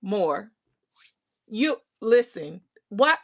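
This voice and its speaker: This woman speaks very slowly in a mid-range voice with vocal fry and wide swings in pitch. On her relaxed crafting livestream she says hello to viewers by name, reads comments aloud, and mutters through her work.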